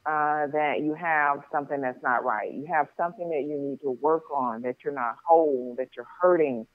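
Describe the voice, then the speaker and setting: A woman guest doctor speaking by phone, measured and earnest, with hesitating "uh"s. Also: deep voice, no echo. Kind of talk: interview answer. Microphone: phone call. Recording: tinny phone line.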